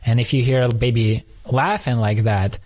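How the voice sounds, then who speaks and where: A man's voice: medium pitch, steady tone, moderate pace, a little mellow. A man in casual conversation, telling a story thoughtfully, often restarting as he searches for words. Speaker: podcast conversation partner.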